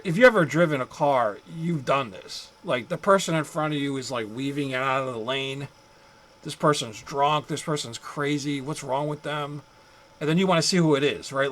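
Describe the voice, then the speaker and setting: A man's voice: fairly high pitch, a bit bright, low-quality recording. A man giving a psychology lecture in a loose, conversational way, with rhetorical asides and acted-out examples. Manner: conversational, rhetorical asides, acts out angry drivers. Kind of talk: recorded classroom lecture.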